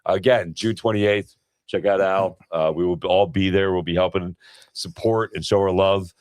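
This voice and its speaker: A man's voice: low voice, steady tone, moderate pace, darkish tone, clear, resonant tone, no echo. A middle-aged man co-hosting a casual podcast, joking and then speaking earnestly and with heart. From New Jersey. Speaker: co-host.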